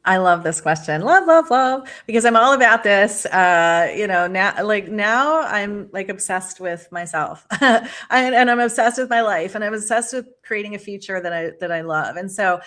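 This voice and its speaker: A woman guest on a podcast talks with earnest enthusiasm, and her pitch sits right in the middle of the usual range. She shifts easily between reflective storytelling and bursts of excitement. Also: moderate pace, few pauses. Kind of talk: conversational interview.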